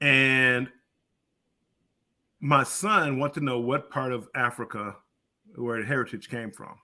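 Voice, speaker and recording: A man's voice: mid-range voice, takes it slowly, pushed and bright. An older man co-hosting a casual live-stream chat, often stammering and restarting as he reasons things out. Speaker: co-host.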